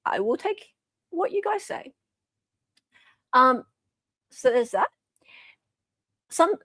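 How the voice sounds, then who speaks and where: A woman's voice: high-pitched, dry recording. An Australian woman hosting casual true crime commentary, chatty and sarcastic.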